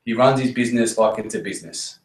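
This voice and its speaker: Quick-paced and mid-range, a network marketing team leader's voice fills an echoey meeting room as he lectures his team. His motivational talk is blunt and repetitive, peppered with swearing and punchy emphasis.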